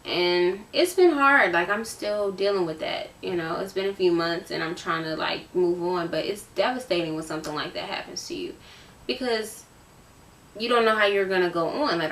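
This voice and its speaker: A woman's voice: lowish voice, normal speed. A woman in her late teens from Virginia, talking candidly to camera in a casual, emotional storytime, often repeating herself for emphasis. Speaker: vlogger. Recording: roomy sound, voice from a distance.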